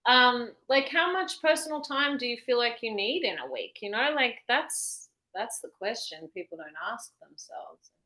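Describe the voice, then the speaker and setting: A woman's voice: fairly high pitch, lively intonation, normal speed, sharp tone, rough recording. A woman from New Zealand with a New Zealand accent, co-hosting a podcast in giggly, chatty casual talk. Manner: giggly, chatty, swears freely. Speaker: podcast co-host. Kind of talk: casual chat.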